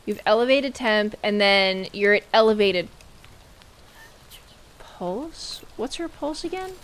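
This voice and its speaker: Woman, game streamer, casual commentary, playful, self-mocking, slow-paced. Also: medium pitch, animated, a little hiss or hum. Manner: exclaims loudly when startled.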